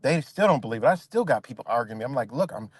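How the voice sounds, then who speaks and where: A man's voice: rapid-fire, husky, dry recording. Profane rambling man on a livestream. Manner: profane, rambling, animated, mocks others in high voices. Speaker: livestream host. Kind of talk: casual livestream rant.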